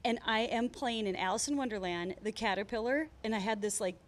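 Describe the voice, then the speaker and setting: A woman co-hosts the podcast with a somewhat high voice. She chats casually in a playful, teasing manner. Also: brisk. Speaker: podcast co-host. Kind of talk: casual chat.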